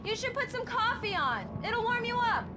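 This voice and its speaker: An actress playing an affectionate young wife in a video game. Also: female voice, very high-pitched, big pitch swings, normal speed, crowd noise, poor audio. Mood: fond.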